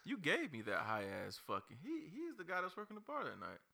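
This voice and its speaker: A man hosting a podcast talks fast in a gravelly, low voice. His pitch swings widely, and he is blunt and teasing with his guest. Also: wildly swooping pitch, bright, forceful tone. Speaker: podcast host. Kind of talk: casual chat.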